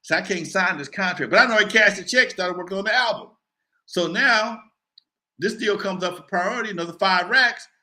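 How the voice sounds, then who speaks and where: A man's voice: high-pitched, a little fast, pushed and bright. A man hosting a live show, telling a long story in a casual and profane way and acting out the voices of others.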